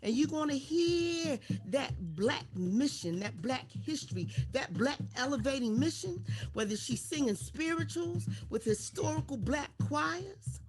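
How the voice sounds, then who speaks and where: A woman emceeing an online storytelling concert, exuberant and fast, hyping up the audience. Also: sits high, animated, darkish tone. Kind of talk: energetic event hosting.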